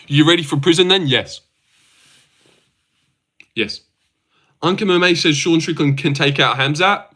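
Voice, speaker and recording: A man's voice: on the high side, bright, forceful tone. A young Australian man hosting a casual livestream, rambling, joking and swearing as he answers his chat. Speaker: livestream host.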